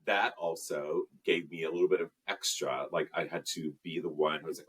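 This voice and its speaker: A man with a low, somewhat husky voice talks as an interview guest. He is earnest and reflective, pausing often with fillers as he searches for his words. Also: steady tone, a bit bright. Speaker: guest, emotional intelligence trainer. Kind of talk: interview conversation.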